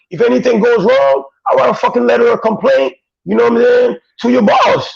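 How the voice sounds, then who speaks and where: High-voiced gravelly guy swearing a lot, dull dry lo-fi sound. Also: animated, brisk. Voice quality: profane, emphatic street talk. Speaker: guest. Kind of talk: casual chat, storytelling.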